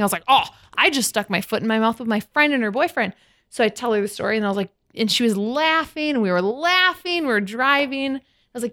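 A woman chatting on a podcast, telling a story with lively acted-out quotes. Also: mid-range voice, brisk, no echo, studio quality. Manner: animated storyteller, acts out quotes. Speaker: guest. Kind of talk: casual podcast chat.

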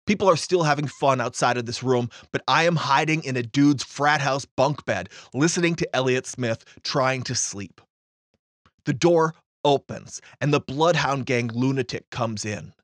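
A man's voice: medium pitch, no echo. Dry-voiced man telling a personal story. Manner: matter-of-fact, dry understatement.

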